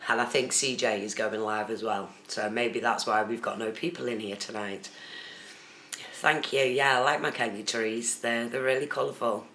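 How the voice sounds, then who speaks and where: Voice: mid-range voice, steady tone, normal speed, bright, forceful tone. A host chatting casually on a phone live stream, talking to viewers in the chat by name. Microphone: phone camera. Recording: roomy with faint background noise.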